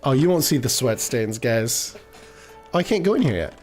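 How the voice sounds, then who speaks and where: A man's voice: medium pitch, big pitch swings, darkish tone, faint music behind. A man streaming a game, chatting casually and rambling off mid-sentence as he reads his chat. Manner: rambling, distracted, quick to trail off.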